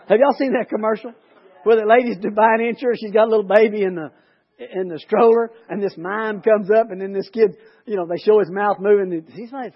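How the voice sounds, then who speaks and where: A man's voice: high voice, brisk, slightly rough. A man leading a Bible study, reading scripture and breaking off into rambling, joking asides. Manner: chatty, rambling, self-interrupting. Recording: lo-fi recording.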